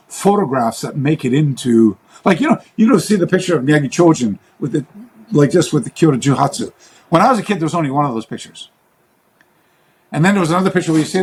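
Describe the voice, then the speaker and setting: Rambling man with a slightly high voice. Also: a little mellow, slightly rough, poor audio. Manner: rambling, halting, with many fillers and restarts. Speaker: interview guest. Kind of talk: casual interview chat.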